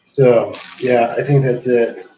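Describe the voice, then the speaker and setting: A man's voice: mid-range voice, steady tone, takes it slowly, warm tone, slight background noise. A man streaming live, chatting casually and telling stories in a rambling, profane way. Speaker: livestreamer. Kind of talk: casual livestream chat. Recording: echoey room.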